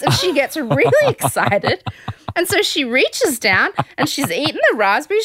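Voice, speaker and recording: A woman hosts a podcast and recaps a reality show with animated energy, laughing often. Her voice is bright in pitch and swings widely. The sound is close and dry. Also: normal speed, no echo. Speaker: podcast host. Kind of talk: comedic TV recap chat.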